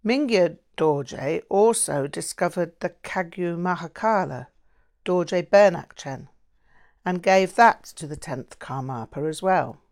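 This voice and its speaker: A woman reads a first-person audiobook in a calm, earnest, reflective manner. Her voice is on the low side and her pace is very slow and deliberate. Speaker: audiobook narrator.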